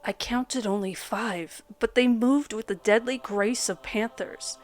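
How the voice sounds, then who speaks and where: A woman narrating a first-person horror story in a dramatic, measured storytelling manner. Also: on the high side. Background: soft background music.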